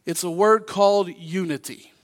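A male pastor preaching a sermon, telling stories with lively acted-out voices. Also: high-pitched, normal speed. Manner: animated storytelling, acts out voices in anecdotes.

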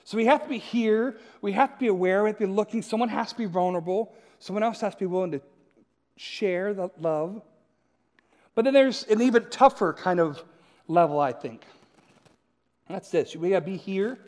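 A man's voice: high-pitched, normal speed, a little mellow, big-room sound. A man preaching a conversational sermon, telling stories and often checking in with the congregation by asking "right?". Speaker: pastor.

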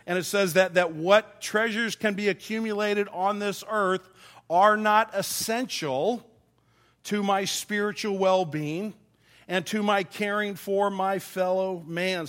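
High-voiced pastor preaching. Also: male voice, fairly even intonation, slow pace, a bit bright. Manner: folksy storytelling with self-deprecating humor. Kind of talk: sermon.

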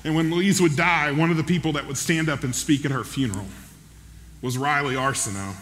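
A man's voice: on the high side, brisk, a bit bright, a little hiss or hum. A man preaching a sermon, telling a story in a folksy, conversational way and checking in with listeners, heard in a large hall. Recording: long reverb in a large hall.

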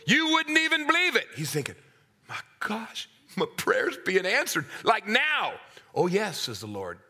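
A middle-aged man preaching a sermon, swinging from hushed asides to loud, acted-out voices. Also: sits high, wildly swooping pitch, unhurried.

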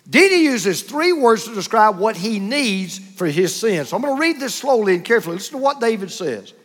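A man's voice: high voice, very animated, a little fast, fairly bright tone, long reverb tail. A man preaching a sermon as pastor, emphatic and driving his points home with short repeated contrasts.

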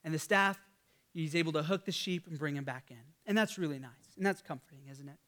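Speaking fast, a pastor in his thirties delivers a sermon in a voice unusually high for a man. The tone stays easygoing and conversational as he works in a family anecdote, stumbling through minor restarts and filler words.

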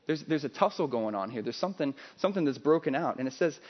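A male pastor preaching a sermon in a conversational, animated storytelling way. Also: on the high side, fast, hardly any pauses, muffled recording.

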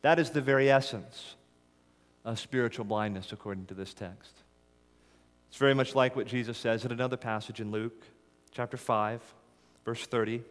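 A man preaching a sermon as a pastor, earnest and steady, often dropping to a hush on key lines. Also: mid-range voice, normal speed, pauses often. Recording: reverberant hall.

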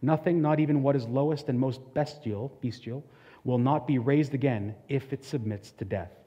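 Calm, instructive old guide, read by a man, mellow voice, hall echo. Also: medium pitch, moderate pace, husky, highs cut off, lightly acted. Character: wise older male guide teacher.

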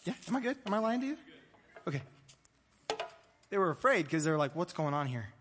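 A man preaching a sermon, animated and playful, acting out the voices of the disciples. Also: high voice, brisk, background noise. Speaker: pastor. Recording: long hall reverb.

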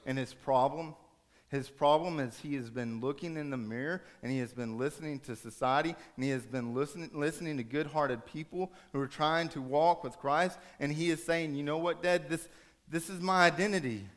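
A man's voice: medium pitch, normal speed. Man preaching a dramatic sermon. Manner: dramatic storytelling, swinging from raised urgent passages to hushed soft ones.

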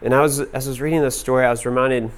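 A man giving a relaxed talk to a group, telling stories loosely and filling gaps with "like". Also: mid-range voice, racing. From United States. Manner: conversational, heavy use of "like". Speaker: speaker teaching a group. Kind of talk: casual sermon storytelling.

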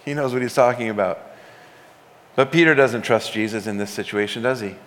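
A man's voice: mid-range voice, brisk. A man preaching a sermon as pastor, talking conversationally and building emphasis as he retells a scripture story in his own words. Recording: long hall reverb.

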